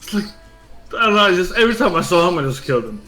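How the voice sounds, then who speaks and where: A man's voice: high-pitched, big pitch swings, fast, pushed and bright. A man telling a gaming story in casual chat, rambling and swearing, with lots of filler words. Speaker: gaming streamer. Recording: echoey room with faint game music.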